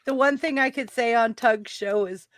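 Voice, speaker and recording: A woman's voice: a little high, a crowd in the background. A woman in a casual podcast chat, playful and teasing, on a video call. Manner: playful, quick to laugh and tease.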